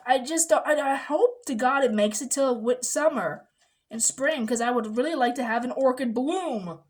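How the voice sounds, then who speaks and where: A young woman who works as a massage therapist, talking in a casual rambling vlog, chatty and animated, acting out quotes and sometimes dropping to a low mutter. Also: measured pace.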